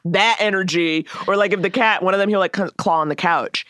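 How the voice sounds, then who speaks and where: A woman's voice: mid-range voice, fast talker, few pauses, fairly bright tone, no room sound, studio quality. A woman guest on a podcast telling wry, casual stories. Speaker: guest comedian. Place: studio.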